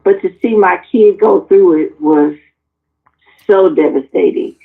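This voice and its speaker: A woman in her forties, frank and animated, telling personal stories on a talk panel and swearing freely as she acts out the people in them. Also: on the low side, unhurried, vocal fry. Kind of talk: candid personal storytelling. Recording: tinny phone-like sound.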